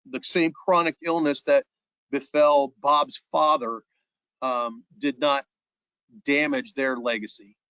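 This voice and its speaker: A man's voice: medium pitch, fairly bright tone, no room sound, dull audio. A man giving an insurance sales presentation in a webinar, earnest and repeating words as he restarts his phrases.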